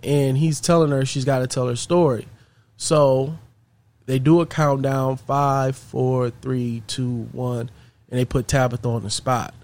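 A man's voice: medium pitch, level tone, a little slow, darkish tone. A man casually telling a story, conversational and repetitive in phrasing. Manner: conversational, repeats "she's like".

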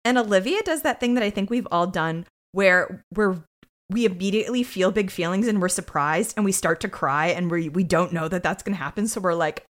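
A woman co-hosting a podcast, recapping an episode in a casual, animated way. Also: on the low side, fairly quick. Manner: animated storytelling with quoted voices. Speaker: podcast co-host.

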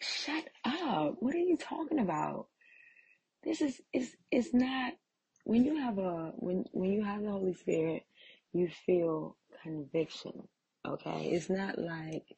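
A woman speaks slowly and candidly, giving a faith-based personal testimony with self-deprecating honesty. Her voice is gravelly and very husky, and the recording is close and dry. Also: sits low, mellow, no echo, rough recording.

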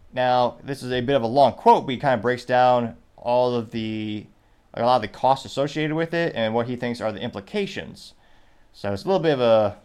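A man's voice: medium pitch, darkish tone. A man hosting a commentary show, reading out posts and quotes in a wry, offhand way with frequent restarts. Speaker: show host.

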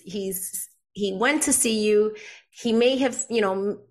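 A woman, a podcast guest telling a personal story in an animated way and acting out the dialogue. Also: medium pitch, measured pace. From the Bronx, New York. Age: 40s. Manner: animated, acts out quoted dialogue, frequent "like".

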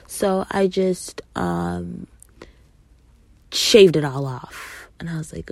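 A young woman with a low, gravelly voice talks candidly on her solo podcast. She swears freely and acts out the people she quotes with sudden leaps in pitch. Her voice sounds dry and close to the mic. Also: expressive, normal speed, a little mellow, dry recording. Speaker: podcast host. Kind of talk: casual solo podcast talk.

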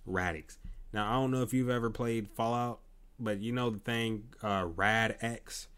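Ranting tired man, low voice. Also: steady tone, a little slow, fairly bright tone, smooth. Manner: ranting, exasperated, profane, many restarts. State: tired, yawning late at night. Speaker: podcast host. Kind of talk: casual solo commentary.

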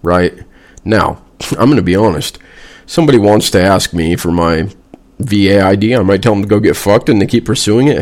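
A man's voice: fairly low pitch, moderate pace, darkish tone. A man, a veteran vlogger, delivering a blunt, sarcastic and heavily profane casual rant.

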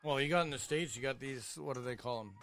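A man's voice: mid-range voice, fast, fairly bright tone, soft background music. A man, explaining his opinions at length in a casual podcast chat. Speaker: podcast co-host.

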